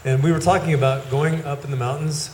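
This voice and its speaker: A man's voice: a little high, steady tone, a little fast, noisy background. A middle-aged man with a head cold, giving a rambling, anecdotal eulogy at an outdoor gathering. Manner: rambling anecdotal storytelling with self-corrections. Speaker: eulogy speaker. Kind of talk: storytelling eulogy. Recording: echoey with faint ambience.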